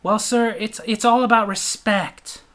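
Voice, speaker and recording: A man's voice: high voice, steady tone, measured pace, a bit bright. Man doing a woman restaurant manager, placating, hesitant, says sir a lot. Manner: soothing, hesitant, repeats "sir". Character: weary female restaurant manager placating an angry customer.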